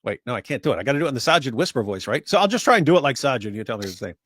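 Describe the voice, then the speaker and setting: A man co-hosting a casual livestream, talking in a deadpan, ironic way. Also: mid-range voice, racing, no room sound. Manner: deadpan, ironic, tries impressions. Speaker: livestream co-host.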